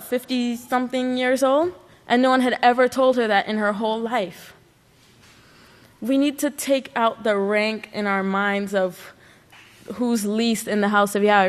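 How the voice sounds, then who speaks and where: Woman, sermon, earnest rhetorical questions, slightly high voice, echoing worship hall. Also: fairly even intonation, moderate pace. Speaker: speaker at a religious service. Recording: long hall reverb.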